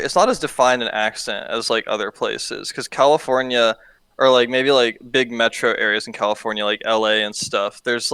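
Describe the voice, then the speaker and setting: Rambling young man, smooth clear voice. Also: medium pitch, fairly bright tone, dry recording. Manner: rambling, full of "like" fillers. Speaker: podcast co-host or guest. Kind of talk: casual chat.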